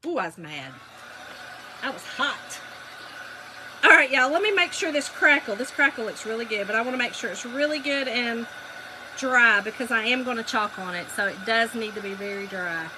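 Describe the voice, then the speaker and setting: Speaking fairly quickly in a slightly high voice over background noise, a Southern-accented woman hosts a crafting livestream. She keeps up casual chat and storytelling, calling her viewers y'all.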